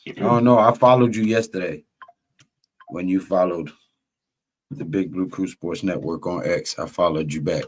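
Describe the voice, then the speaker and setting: A man's voice: low voice, steady tone, normal speed, pauses often, husky. A man hosting a live game-watch stream, greeting chat viewers by name and calling the plays like a broadcaster. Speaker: host.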